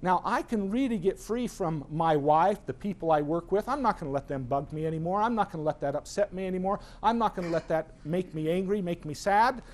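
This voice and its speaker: A man's voice: sits high, fairly quick, few pauses. A middle-aged man giving a personal-growth lecture to an audience, telling stories animatedly and acting out other people's voices. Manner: animated storyteller who acts out voices. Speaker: seminar speaker.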